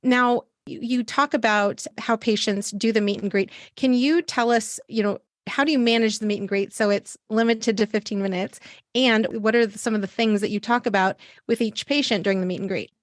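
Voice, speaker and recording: A middle-aged woman, a physician who hosts a podcast, asking questions enthusiastically and jumping up in pitch as she tells stories. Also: brisk, no room sound, clean studio sound. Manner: enthusiastic, lively pitch jumps when telling stories. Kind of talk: casual interview talk.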